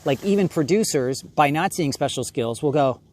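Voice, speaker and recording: A man's voice: a little high, animated, moderate pace, a little mellow, slight background noise. A man coaching actors in an emphatic, conversational way, often acting out brief voices of casting people. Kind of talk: direct-to-camera acting advice.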